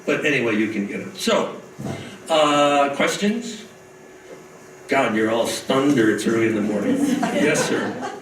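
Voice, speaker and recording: A man's voice: mid-range voice, animated, a little slow, pauses often, fairly bright tone. A man giving an author's talk at a writing conference, chatty and full of "uh" fillers as he tells anecdotes and quips with the audience. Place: conference room. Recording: echoey hall, mic at a distance, faint hiss.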